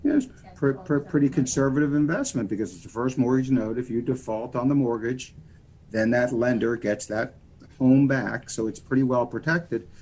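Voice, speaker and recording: A man's voice: medium pitch, animated, moderate pace, a little mellow, a little hiss or hum. A man from the United States, a mortgage lender guest on a podcast, explaining loans in a folksy, rambling way. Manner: folksy, rambling explanations full of "you know". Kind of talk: casual podcast interview.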